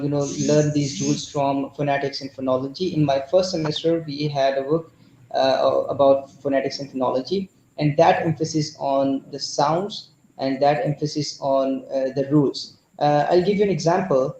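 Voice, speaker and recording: Pakistani-accented man, class participant, halting delivery, mellow tone, slightly high voice. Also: fairly even intonation, echoey room, dull audio, a little hiss or hum. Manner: hesitant, many fillers and restarts. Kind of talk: explaining in an online conversation class.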